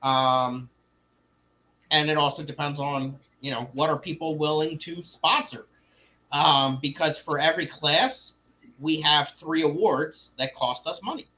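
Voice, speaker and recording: A man with a bright, fairly high voice hosts a relaxed livestream chat. He rambles, searches for his words and often starts over. The sound is a little dull and lo-fi. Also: measured pace. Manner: rambling, many fillers and restarts. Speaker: livestream host. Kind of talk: casual chat.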